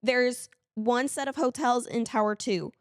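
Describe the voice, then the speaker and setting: On a casual podcast, a female co-host with a voice on the high side recounts a story at a measured pace, laughing throughout. She squeals when quoting herself; her tone is clean, with no echo and clean studio sound.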